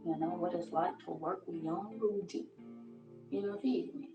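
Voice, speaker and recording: A woman's voice: fairly low pitch, measured pace, dull audio. A woman hosting a casual live stream, slangy, playful and coaxing. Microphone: phone. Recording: echoey room with faint music.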